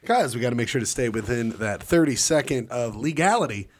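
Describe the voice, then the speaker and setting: A man's voice: mid-range voice, lively intonation, fairly quick, background noise. A man, co-hosting a comedic podcast and joking around. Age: 30s. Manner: jokey, slips into put-on accents. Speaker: podcast co-host.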